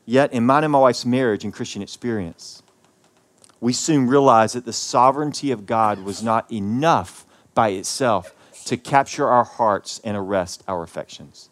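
A male pastor in his thirties delivers a sermon, drifting into a personal story. He speaks earnestly and with feeling, repeating words and pausing as he goes. His voice sits at an ordinary middle pitch. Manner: earnest, emotional storytelling with pauses and repetitions.

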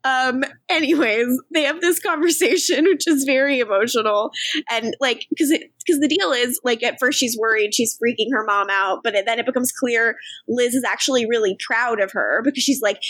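A woman's voice: on the high side, normal speed, fairly bright tone, no room sound. A woman co-hosting a podcast, recapping a show in casual chat, joking at her own expense and openly sentimental. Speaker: podcast co-host.

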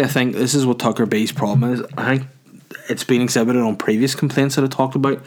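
Guy doing a comedy podcast, dry mocking tone, mid pitch. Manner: wry, mocking, reads reviews aloud. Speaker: podcast host. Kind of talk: comic podcast monologue.

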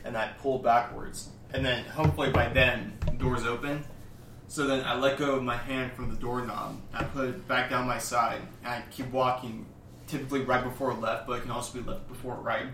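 A young man drones through a mundane story in a deadpan, meandering way, stacking filler words as he goes. His voice sits a little back from the mic in an echoey room with faint ambient hiss underneath. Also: mid-range voice, brisk, far from the mic. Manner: rambling, deadpan step-by-step storytelling with many fillers. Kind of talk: casual chat.

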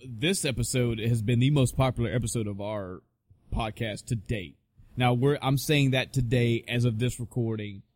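A young man chats on a podcast, swearing freely and spinning animated stories. His voice sits mid-pitched and is recorded dry and close, with no room sound. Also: no room sound. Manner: profane, animated storyteller, mimics others in high voices. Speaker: podcast co-host. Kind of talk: casual podcast chat.

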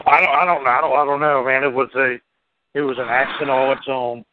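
A man in casual movie-talk mode, loose and rambling, swearing without a second thought. His voice sits at an ordinary pitch and comes through narrow and tinny, like a phone line. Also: steady tone, a little fast, no room sound. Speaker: podcast co-host. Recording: tinny phone-like band-limited sound.

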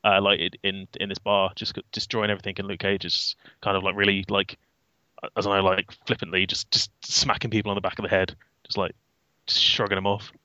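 Stammering British man, bright dry tone. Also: deep voice, little pitch movement, quick pace, no echo, dull audio. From Britain. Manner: stammering, many restarts and fillers. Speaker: podcast co-host. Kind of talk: casual chat.

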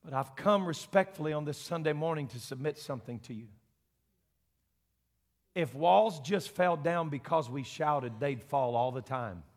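A middle-aged man, preaching a folksy Pentecostal sermon that swings between quiet talk and loud shouting. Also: on the high side, animated, normal speed. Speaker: senior pastor. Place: church sanctuary. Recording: long church reverb.

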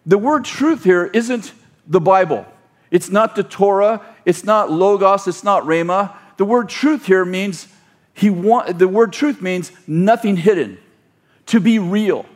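A male pastor with a notably high voice preaches a loose, rambling sermon. He stumbles over his phrases and starts them again, correcting himself as he goes. He also leads the congregation in call-and-response, prompting them to echo key words back.

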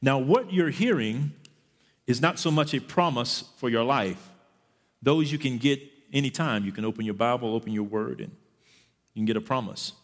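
Pastor preaching in a reverberant church. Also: male voice, medium pitch. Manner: preaching with rising fervor, mimicking whiny congregants. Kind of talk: sermon. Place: church sanctuary.

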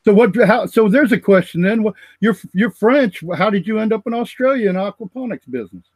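A man's voice: sits high, animated, fairly quick, a little mellow, no echo. A man from the US East Coast hosting a casual podcast chat, rambling and chatty. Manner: rambling, chatty, lots of fillers. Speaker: host.

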